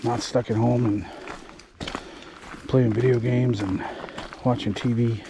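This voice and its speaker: Chatty man by a rushing waterfall. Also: mid-range voice, steady tone, vocal fry, background noise. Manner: chatty, fatherly, warns and jokes with his kids. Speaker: vlogger father hiking with his sons. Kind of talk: casual vlog narration. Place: outdoors by a waterfall on a hiking trail.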